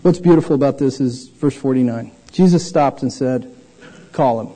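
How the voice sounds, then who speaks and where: A man preaching a sermon in an animated way, acting out the voices of the people in his story. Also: medium pitch, normal speed, slightly rough, poor audio. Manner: animated, acts out voices of the disciples and the blind man.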